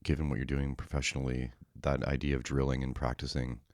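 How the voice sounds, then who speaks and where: Very deep-voiced male podcast host. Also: flat delivery, fast talker, a little mellow, no room sound, studio quality. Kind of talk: interview questions.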